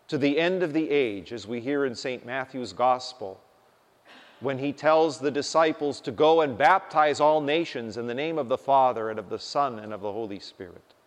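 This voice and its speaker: A man preaching a sermon, speaking in a deliberate, emphatic way. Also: medium pitch. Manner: slow, deliberate, emphatic delivery. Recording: long reverb of a large hall.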